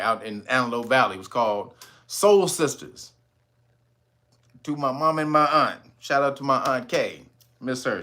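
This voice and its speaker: A man's voice: high-pitched, sharp tone. A man hosting his own channel, talking in a casual, comedic, profane way and breaking into laughter between lines. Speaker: channel host. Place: California.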